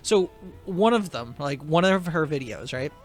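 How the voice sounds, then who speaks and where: Animated high-voiced young man. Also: unhurried, faint music behind. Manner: animated storyteller, swears casually. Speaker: podcast co-host. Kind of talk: casual chat while playing a video game.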